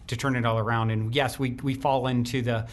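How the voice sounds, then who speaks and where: A man's voice: mid-range voice, level tone, fairly quick. Rambling male podcast host. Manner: rambling, many restarts and fillers. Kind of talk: conversational podcast interview.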